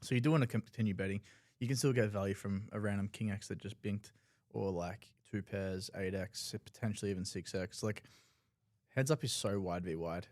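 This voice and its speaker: A man's voice: lowish voice, brisk, darkish tone, dry recording, clean studio sound. A man with an Australian accent breaking down poker hands in live commentary, analytical and loose, full of filler words.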